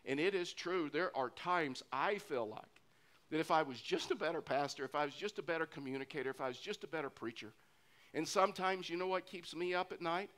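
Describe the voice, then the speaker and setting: A man's voice: a little high, fairly quick, fairly bright tone. A middle-aged man preaching a sermon as pastor, earnest and often repeating phrases for emphasis. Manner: earnest, repeats phrases when stressing a point.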